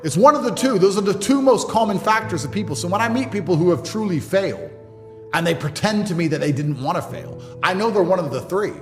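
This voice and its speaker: A man's voice: high-pitched, animated, fairly quick. A man, delivering a blunt, emphatic motivational monologue as a podcast guest. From England. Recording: long reverb with music underneath.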